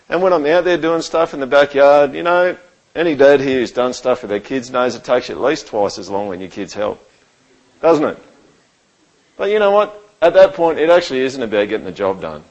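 A man's voice: a little high, vocal fry, lo-fi sound. A man preaching a sermon in a church, talking conversationally and often checking in with the room. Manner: conversational, keeps asking the room "right?". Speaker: pastor.

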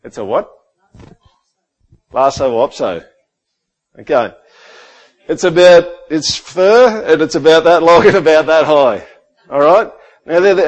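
A man in his thirties preaching a sermon in a church hall, animated and joking, acting out stories with sudden jumps in voice. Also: a little high. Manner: animated, jokey, acts out his son's lines. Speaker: pastor.

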